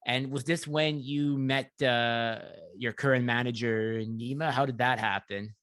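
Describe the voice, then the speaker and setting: A man's voice: medium pitch, fairly even intonation, a little slow, a bit bright, dry recording, studio quality. A man hosting a podcast, asking questions in a chatty, casual way with many fillers. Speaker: podcast host.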